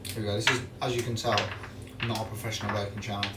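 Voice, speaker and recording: A man's voice: fairly low pitch, level tone, fast. A young man chatting casually on a livestream while he bakes, rambling and slangy, poking fun at himself. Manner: rambling, slangy, self-mocking. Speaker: streamer baking on camera. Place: home kitchen. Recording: roomy, distant, clattering kitchen noise.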